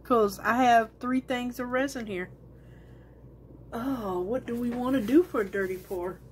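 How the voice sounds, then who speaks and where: A woman with a somewhat high voice chats slowly and casually as she works on resin crafts. She thinks out loud and rambles from one step to the next. A faint hiss sits under her voice. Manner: rambling, thinks aloud while working.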